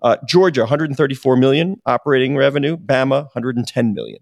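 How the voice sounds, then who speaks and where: A man's voice: mid-range voice, expressive, fast, creaky, dry recording, clean studio sound. A man co-hosting a sports business podcast, chatting conversationally and posing pointed questions. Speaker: podcast co-host. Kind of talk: podcast discussion.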